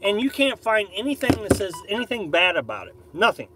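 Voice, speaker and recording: He's a Missouri man live-streaming casually from his camper at a beach campsite, reading viewer chat in a rambling, opinionated manner full of repeats and restarts. His high-pitched voice is very animated and brisk. The background is noisy.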